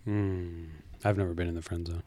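Male podcast co-host, lowish voice, halting and questioning, dry close mic. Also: little pitch movement, warm tone, no room sound. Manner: hesitant, questioning, repeats words. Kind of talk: casual chat.

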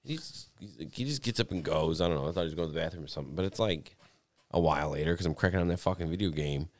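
A young man with a fairly low voice rambles through a story in casual podcast chat, full of fillers and swearing. The sound is dry and close to the mic, with no room around it. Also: very fast, no room sound. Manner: rambling, profane, animated storyteller with lots of "like".

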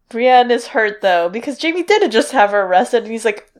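A woman's voice: a little high, expressive, normal speed. A woman co-hosting a casual book-discussion podcast, playful and laughing as she paraphrases characters. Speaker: podcast co-host.

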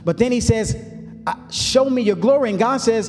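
A male pastor preaching a sermon, building up to shouts, with folksy asides. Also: extremely high pitch, normal speed, long reverb tail, soft background music.

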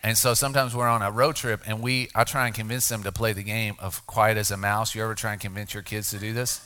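A middle-aged man preaches a sermon in an easy, conversational way. His voice is bright and forward, and it drops quiet and deliberate when he lands a key point. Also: lowish voice, little pitch movement, clean tone. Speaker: pastor.

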